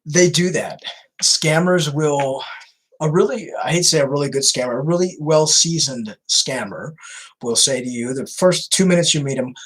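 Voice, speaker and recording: A man's voice: medium pitch, normal speed, slightly rough, poor audio. A man who baits scammers, answering viewer questions in a chatty Q&A livestream, repeating himself with many fillers. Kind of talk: casual Q&A livestream.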